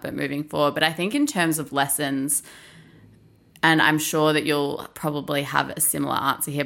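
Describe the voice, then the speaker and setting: A woman's voice: low voice, bright, forceful tone. A young woman co-hosting a podcast, speaking in an open, reflective, earnest way. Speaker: podcast co-host. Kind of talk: casual chat.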